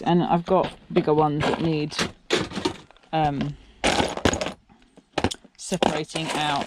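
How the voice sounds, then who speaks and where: A woman's voice: low voice, heavy background noise. An English woman who makes scrapping videos, chatting in a rambling way as she tears down electronics and asks her viewers questions. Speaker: scrapping vlogger. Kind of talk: casual narration while tearing down electronics.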